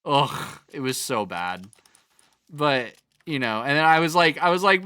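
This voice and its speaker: A man's voice: a little high, big pitch swings, unhurried, pushed and bright, clean tone, dry recording. A man streaming a game, chatting casually in a rambling, profane way, laughing often and reading out chat comments. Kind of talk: casual chat while gaming.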